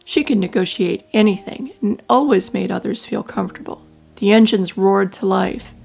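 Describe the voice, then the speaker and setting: A woman narrating a children's story in a gentle, measured storytelling manner. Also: mid-range voice, gravelly, husky.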